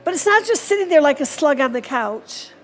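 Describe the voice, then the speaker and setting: A woman's voice: sits high, very animated, a little fast. A woman preaching a sermon in an earnest, repetitive way and closing in prayer.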